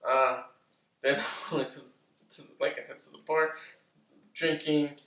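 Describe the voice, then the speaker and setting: A man casually recapping a film's plot, rambling, swearing often and getting excitable. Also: a little high, a little slow. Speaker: movie reviewer. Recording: roomy, distant from the mic.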